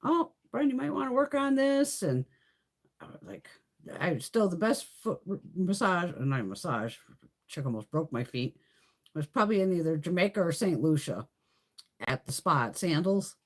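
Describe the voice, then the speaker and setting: Lively, swearing woman chatting on livestream. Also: sits low, moderate pace. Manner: animated storyteller, swears freely, laughs often. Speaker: beauty livestream host. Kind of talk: casual chat.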